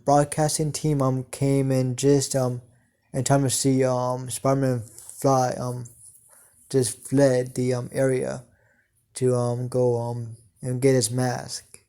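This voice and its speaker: A man narrating an improvised fan story, halting and full of hesitations. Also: medium pitch, vocal fry, dark tone.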